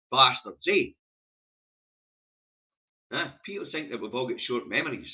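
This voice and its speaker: A man's voice: mid-range voice, very animated, measured pace, long pauses. A Scottish man hosting a news review stream, reading headlines and ranting about them with scorn and heavy swearing. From Scotland. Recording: tinny phone-like audio.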